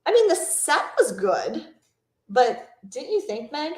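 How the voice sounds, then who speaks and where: A woman's voice: high-pitched, big pitch swings, slow pace, echoey room. A woman hosting a live travel Q&A, chatting casually, rambling a bit, reading out viewers' comments and asking them questions.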